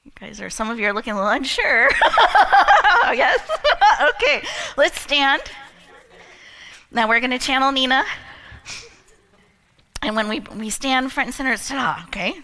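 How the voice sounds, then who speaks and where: A woman's voice: sits high, normal speed, long pauses. A woman emceeing a live event, telling a playful story and leading the audience with lots of laughter. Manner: animated, laughs often, leads the crowd.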